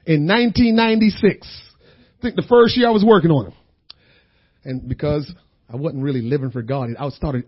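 A middle-aged male pastor with a high, husky voice tells a personal testimony in a sermon. He talks in a loose, chatty way, doubling back on his words and chuckling. The recording sounds dull and lo-fi. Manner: conversational storytelling, repeats words, chuckles. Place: church.

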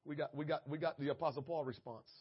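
Fervent high-voiced male preacher, lo-fi. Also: fairly even intonation, quick pace, husky. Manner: fervent preaching that swings from quiet asides to shouted, tearful prayers. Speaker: pastor. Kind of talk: sermon. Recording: dull lo-fi church audio.

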